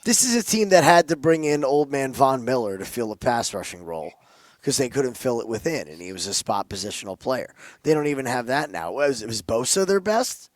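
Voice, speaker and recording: A man's voice: medium pitch, big pitch swings, fairly quick, no echo. A man co-hosting a sports betting podcast, giving emphatic, opinionated picks with playful asides. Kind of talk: casual sports betting chat.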